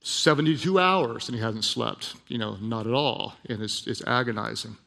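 A man preaches to a congregation, his voice gravelly and textured. He moves from quiet, personal storytelling to emphatic, repeated lines, at a middle pitch for a man. The sound carries a long reverb, as in a large church hall. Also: moderate pace. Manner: storytelling, dropping to a hushed voice then building to emphatic repeats. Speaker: pastor. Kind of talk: sermon.

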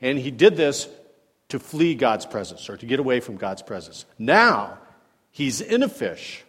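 A man preaching in a church, his voice carrying a long hall reverb. He teaches conversationally, reads scripture aloud and turns to his listeners with questions. His loudness rises and drops sharply between quiet asides and emphatic points. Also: mid-range voice, very animated, a little slow, breathy edge. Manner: wide swings in loudness, dropping soft then rising emphatic. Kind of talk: sermon.

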